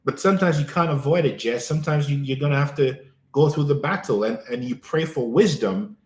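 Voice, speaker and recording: A man's voice: mid-range voice, brisk, reverberant. A man hosting a live coaching stream, talking emphatically to listeners and repeating his key phrases.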